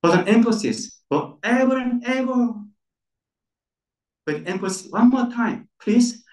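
Emphatic preacher in an echoey church. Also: male voice, high voice, sing-song, moderate pace, a little mellow. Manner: emphatic, repeats key words with rising stress. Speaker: pastor. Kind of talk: sermon. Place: church centre. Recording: echoey room, voice from far off.

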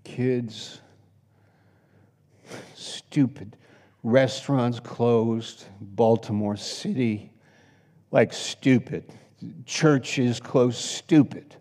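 A man's voice: mid-range voice, extremely slow, pauses often. Impassioned preacher man in a reverberant hall. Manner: impassioned, swings between loud exclamations and hushed asides. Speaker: pastor. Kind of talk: sermon. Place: church sanctuary.

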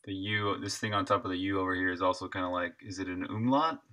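A young man streams himself at his desk, chatting with viewers as he works. His voice is very bright and forward. He answers their questions in a loose, friendly way. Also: deep voice, fairly even intonation, fast. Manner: chatty, answers chat questions while working. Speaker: indie game developer and streamer. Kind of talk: casual live-stream chat with viewers.

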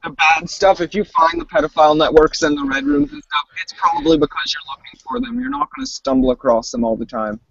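A man's voice: on the high side, sing-song, fast talker, gravelly, hardly any pauses, a bit bright, a little hiss or hum. A man talking in a casual online group chat, interjecting with opinions, heard over a muffled lo-fi call. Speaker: participant.

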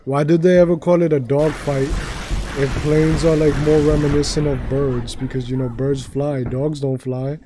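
A man streams a game and talks through it in a loose, rambling way, full of swearing and random asides. His voice sits fairly high for a man. A faint background hum runs underneath. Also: normal speed. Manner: excitable, rambling and profane. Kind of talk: casual gameplay commentary.

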